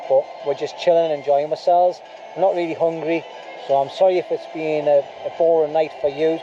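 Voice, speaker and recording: A man's voice: a little high, lo-fi sound. A middle-aged man, chatting casually to his handheld camera at an outdoor beach camp at night, rambling and self-deprecating. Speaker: bushcraft vlogger. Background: music playing.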